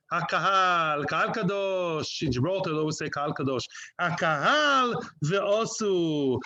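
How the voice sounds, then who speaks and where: A man teaching a Talmud lecture, lively and full of rhetorical questions, mixing Hebrew and Aramaic terms into his English. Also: high voice, muffled recording.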